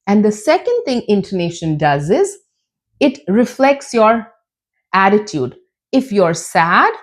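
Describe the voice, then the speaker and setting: A woman teaching an English lesson, explaining slowly and demonstrating sentences with exaggerated rises and falls in pitch. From Canada. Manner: slow, deliberate explaining. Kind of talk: scripted lesson.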